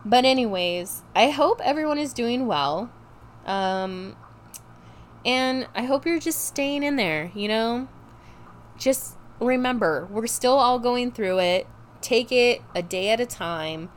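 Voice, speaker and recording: A woman's voice: a little high, animated, slow, a little hiss or hum. Giggly, chatty young woman. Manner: giggly, chatty, emotional, hyper from tiredness. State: tired. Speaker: podcast host. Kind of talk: casual solo chat.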